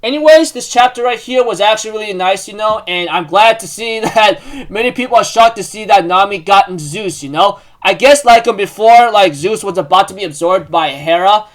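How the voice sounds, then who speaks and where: A young man with a notably high voice recaps a comic chapter in a loose, casual way. He rambles, restarts sentences and leans on "like, um" fillers. It comes across as an easygoing fan chat. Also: a little fast. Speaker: manga recap host.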